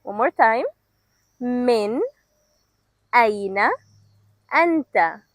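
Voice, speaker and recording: A young adult woman from Egypt teaching a beginner language lesson outdoors. She leads repetition drills slowly and clearly and praises the learners often. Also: fairly high pitch, animated, no room sound, low-quality recording. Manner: slow, clear, encouraging drill delivery. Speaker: Arabic teacher.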